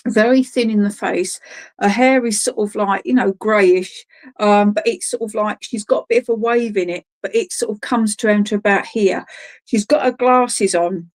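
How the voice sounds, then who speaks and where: A woman works as a medium, giving readings live at an online service. Her voice sits at an ordinary middle pitch, and she searches for her words, starting over and trailing off before she carries on. She stays gentle and calls her listeners darling. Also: moderate pace. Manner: hesitant and searching, full of ums and restarts. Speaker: spiritualist medium.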